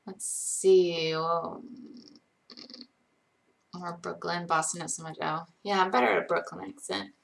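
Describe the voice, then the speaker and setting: A woman's voice: on the low side, fairly even intonation, a little slow, gravelly, pauses often. A tired young woman chatting casually on a live stream, rambling and self-deprecating as she reads chat aloud.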